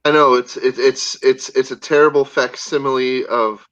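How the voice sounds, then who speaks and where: A man's voice: steady tone, normal speed, a bit bright, muffled recording. A man co-hosting a casual livestream chat, playful and prone to stammering. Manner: playful, stammering, wide swings in pitch. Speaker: stream co-host.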